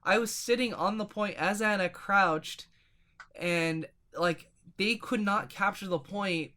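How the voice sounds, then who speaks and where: A man's voice: sits high, slow, sharp tone. A man co-hosting a casual gaming podcast, telling long rambling stories with lots of fillers and restarts. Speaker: podcast co-host.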